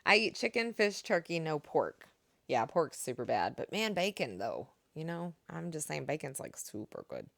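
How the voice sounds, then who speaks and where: Woman, young, streamer, casual chat, laughs often, slightly low, dry close sound. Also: big pitch swings, moderate pace, gravelly, fairly bright tone, no echo. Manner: chatty, reads and answers chat, laughs often.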